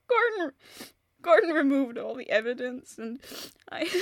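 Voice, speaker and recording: A woman voicing a distraught young woman in an audio drama monologue, tearful, her voice breaking, speaking in halting, stammering restarts. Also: sits high, sharp tone, dry recording, clean studio sound, exaggerated voice. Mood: resolute. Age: young adult. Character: grieving young woman, distraught, bent on revenge. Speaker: voice actor.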